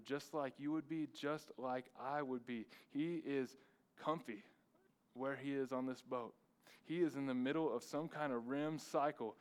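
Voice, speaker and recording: A man's voice: medium pitch, rough recording. A man, the lead pastor, preaching a sermon with emphatic repetition and rhetorical questions.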